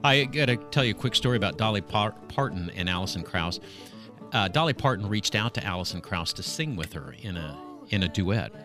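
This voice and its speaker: A man's voice: lowish voice, lively intonation, brisk, music in the background. A man hosting a home improvement call-in radio show, chatting in a folksy, storytelling way with callers and co-hosts. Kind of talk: casual call-in radio chat. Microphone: studio mic.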